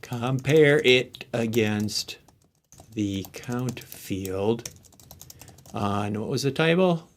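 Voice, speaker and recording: A man hosting a casual live tech stream, talking himself through each step and trailing off into muttered asides. He has the hiccups, and his pitch sits in the middle for a man. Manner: thinks aloud while typing, muttering asides. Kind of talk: casual screen-share tech walkthrough.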